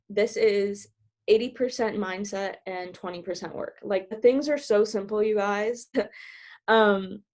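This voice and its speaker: A woman giving casual coaching tips on a video call. She talks fast, laughs often and fills her speech with "like". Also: medium pitch, a little mellow. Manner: bubbly, giggly, filler-heavy with many "like"s. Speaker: team trainer sharing sales tips.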